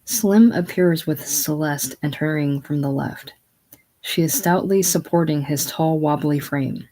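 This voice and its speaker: A reader reading the stage directions in a casual play reading, plain and unhurried. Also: mid-range voice, warm tone, low-quality recording.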